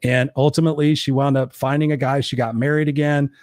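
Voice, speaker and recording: A man talks at a rapid clip with a blunt, unfiltered streak, cursing casually as he tells stories. He is an executive coach being interviewed. His voice sits close and dry, with no room sound around it. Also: medium pitch, no room sound. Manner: blunt, swears freely, animated storyteller. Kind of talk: candid interview talk.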